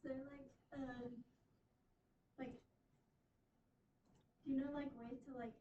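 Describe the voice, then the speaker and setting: A woman's voice: high-pitched, level tone, slow, dark tone, slight background noise. A woman in a writing workshop asking a question hesitantly, with many fillers. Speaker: workshop participant. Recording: distant dull mic in echoey room.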